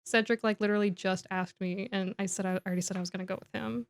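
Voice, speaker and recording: A woman voicing a teenage schoolgirl who gently turns down a boy, hurried and trailing off. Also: medium pitch, steady tone, natural voice. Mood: apologetic. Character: teen schoolgirl apologetically turning down a boy.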